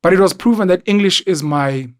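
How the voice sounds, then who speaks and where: A young man from South Africa, a podcast guest chatting casually and telling stories in an animated way, mimicking other people now and then. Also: high-pitched, fairly quick.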